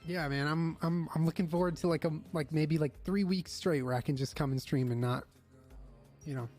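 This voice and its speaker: A man's voice: on the high side, darkish tone, faint music behind. Emotional young man signing off his show. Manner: halting, many fillers and restarts. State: emotional, near tears. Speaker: podcast host and streamer. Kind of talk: casual farewell talk to listeners.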